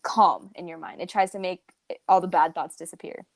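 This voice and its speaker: A woman's voice: lowish voice, fairly even intonation, normal speed, no echo. A young woman co-hosting a podcast, talking casually and rambling with many fillers and restarts. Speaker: podcast co-host. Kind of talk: casual chat.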